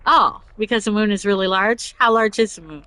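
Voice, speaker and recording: A woman's voice: mid-range voice, fairly quick, sharp tone, no room sound, poor audio. A woman hosting a casual chat show, reading news aloud and rambling off on tangents with giggles. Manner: rambling, giggly, talks over herself. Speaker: podcast host.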